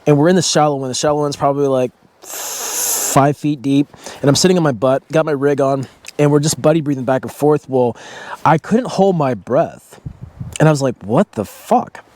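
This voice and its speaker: A man's voice: a little high, normal speed, a little mellow. A man giving a casual motivational talk about breathing, blunt and swearing freely, speaking straight to his viewers. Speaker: self-help vlogger.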